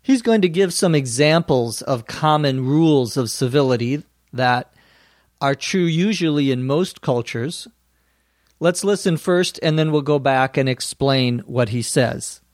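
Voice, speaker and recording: A male teacher explains English phrases to learners, speaking slowly and clearly. He sounds close to the mic in a dry room with no echo. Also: mid-range voice, expressive. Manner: slow, clear explaining with acted example lines. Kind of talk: scripted explanation for language learners.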